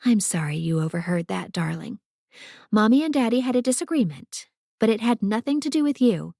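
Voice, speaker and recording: Brief: woman voicing a firm, sharp-tongued mother, a bit higher, audiobook. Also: animated, fairly quick, vocal fry, no room sound, clean studio sound. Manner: firm and pointed.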